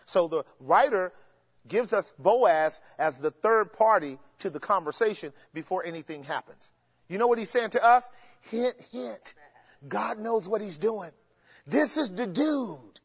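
A man preaching a sermon in a lively, playful way, acting out the characters in everyday speech. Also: high-pitched, a little slow, in a large hall. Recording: dull lo-fi sound.

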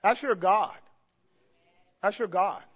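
A male preacher delivering a fervent sermon, swinging from hushed tones to shouts and putting rhetorical questions to the congregation. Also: sits high, slow pace, husky. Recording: dull lo-fi recording.

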